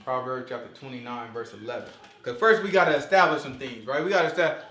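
A man preaching an informal sermon in slangy, animated talk, acting out voices as he goes. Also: medium pitch, fast talker. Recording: echoey room.

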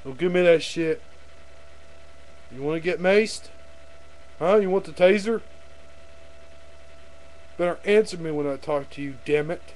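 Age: adult. Sex: male. Figure: a bullying traffic cop, as a man puts him on. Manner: barking, interrogating. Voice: raised and slow. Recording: webcam mic with a faint hum. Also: a little high, a little mellow, lightly acted, rough recording. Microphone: webcam microphone.

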